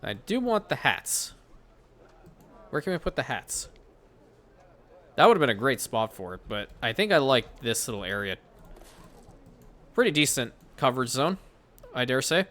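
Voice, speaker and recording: Guy with a bright, sharp voice chatting through a city builder, thinks out loud, corrects himself a lot. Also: mid-range voice, very animated, moderate pace, pauses often. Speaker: gaming channel host. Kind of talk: casual gameplay commentary.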